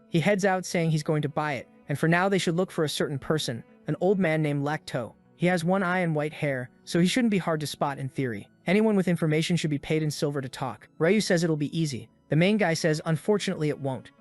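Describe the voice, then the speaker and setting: A man narrating a comic story recap in a brisk scripted delivery, voicing quoted lines plainly. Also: a little high.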